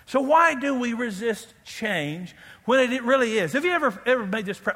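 A man preaching a sermon as pastor, animated, acting out loud pleading prayers and making joking asides. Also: very high-pitched, moderate pace, in a large hall.

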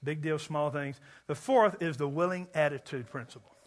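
A man from Kentucky preaching a sermon to a church congregation, animated and joking with the listeners. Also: fairly high pitch, moderate pace. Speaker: pastor.

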